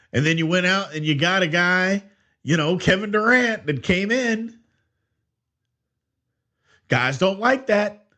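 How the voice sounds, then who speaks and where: An opinionated man talks through a solo sports podcast episode. His voice sits high for a man and swings widely in pitch as he argues his points. He restarts his sentences often. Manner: opinionated, animated, with many restarts and "I mean". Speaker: podcast host.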